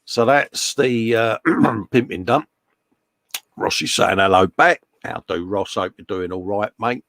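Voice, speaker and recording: Man, live show host, gravelly voice, dry sound, chatty and laughing. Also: fairly low pitch, unhurried, fairly bright tone, no echo. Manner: chatty, laughing, reads out viewer comments. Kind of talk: casual chat. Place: home workshop.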